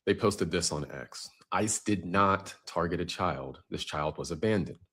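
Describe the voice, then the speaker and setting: A man flatly correcting a story and reading out an official statement. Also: deep voice, measured pace, slightly rough. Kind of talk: political commentary.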